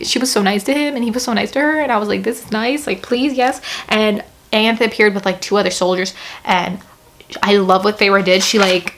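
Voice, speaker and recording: A young woman talks through a book she loves in a casual vlog, gushing and excitable. She peppers her speech with "like" and stops now and then to read passages aloud. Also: mid-range voice, slight background noise. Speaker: book reviewer.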